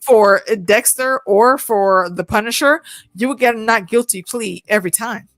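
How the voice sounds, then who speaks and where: A woman's voice: fairly high pitch, moderate pace, a bit bright, dry recording. A woman in casual chat, enthusiastic and talking in long runs. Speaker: co-host of a TV episode discussion.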